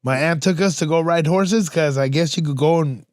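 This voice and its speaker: A young man from Southern California, hosting a podcast and telling animated, slang-heavy stories in casual chat. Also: a little high, normal speed, dry recording, clean studio sound. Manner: animated slang-heavy storyteller, acts out quotes. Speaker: podcast host.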